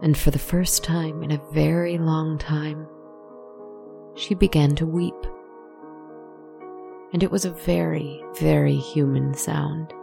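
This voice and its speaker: Low, gravelly woman telling a slow story. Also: little pitch movement. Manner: slow, hushed storytelling with asides to the listener. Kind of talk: scripted story narration. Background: faint music.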